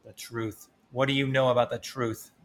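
A man's voice: mid-range voice, little pitch movement, moderate pace, slight background noise, close to an everyday voice. A man reading a brooding, guilty husband in a mock-dramatic parody scene, hammy and playful.

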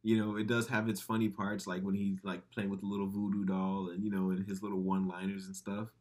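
Young male co-host, low voice, loose profane movie chatter. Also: fast. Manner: profane, rambling, animated storytelling with acted quotes. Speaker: podcast co-host. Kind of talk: casual movie chat.

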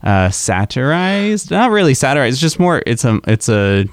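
A man's voice: medium pitch, sing-song, normal speed, no echo. A man in a casual podcast discussion, hesitant and wry, often repeating words as he talks. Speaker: podcast co-host.

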